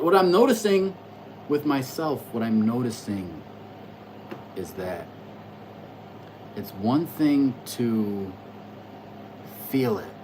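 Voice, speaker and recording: A man hosting a casual livestream, rambling and reflective, stammering through restarts as he talks loudly and excitedly to his viewers in chat. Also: fairly high pitch, slight background noise, poor audio. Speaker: livestream host reading astrology charts.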